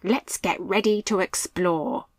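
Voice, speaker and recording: A woman's voice: mid-range voice, steady tone, slow, no room sound, poor audio. A woman voicing a bossy young boy mouse who leads his friends with firm commands in a storybook. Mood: commanding.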